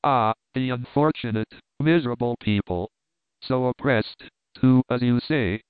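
Oily spy, falsely gallant, read by a man, smooth resonant tone, tinny line. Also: mid-range voice, unhurried, no echo, natural voice. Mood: ingratiating. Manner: smooth, ingratiating, fishing for confidences. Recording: tinny phone-like audio.

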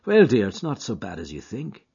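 A secretive young lover coaxes with an earnest brogue, as a male narrator puts him on. His voice rises and falls in a lively way and sounds slightly husky. The recording is dull and lo-fi. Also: lowish voice, normal speed, full character voice. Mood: coaxing. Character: young Irish man, smooth-talking, secretive lover.

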